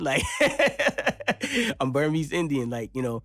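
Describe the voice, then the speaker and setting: Guesting in a studio interview, this young Los Angeles rapper has a relaxed West Coast American accent and rambles with plenty of fillers. His voice sits on the high side with huge pitch swings, a slow pace, a slightly bright tone, and no echo.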